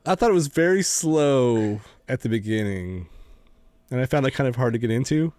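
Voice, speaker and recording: A man co-hosting a podcast in casual chat, relaxed and wry, asking his partner questions. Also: mid-range voice, normal speed, dry recording. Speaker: podcast co-host.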